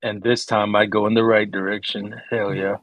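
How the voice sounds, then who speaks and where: A man's voice: on the low side, level tone, moderate pace, a bit bright, dry recording, poor audio. Joking male tabletop player. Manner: joking, laughs often. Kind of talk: casual tabletop play.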